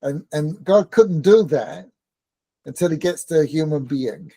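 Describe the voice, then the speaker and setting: Brief: male rabbi, warm-dark tone, dry close recording, chatty teacher who quizzes his class. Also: fairly high pitch, animated, a little slow, no echo. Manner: joking, conversational, asks the room questions. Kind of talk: informal Torah lesson with banter.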